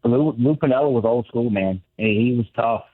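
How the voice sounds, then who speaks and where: A man's voice: mid-range voice, normal speed, no room sound. A former ballplayer, now a broadcaster, talking candidly as a guest on a sports radio show, often restarting his sentences. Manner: candid, reflective, frequent restarts. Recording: tinny phone line.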